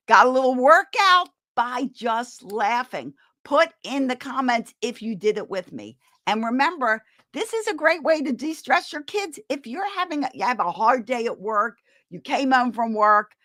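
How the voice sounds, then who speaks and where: A woman speaker giving a parenting talk on a live stream, her pitch swinging widely as she encourages her listeners. Her voice sits in the middle range. It is recorded close and dry, with no room echo. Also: normal speed. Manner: animated, leads the audience in a laughter exercise.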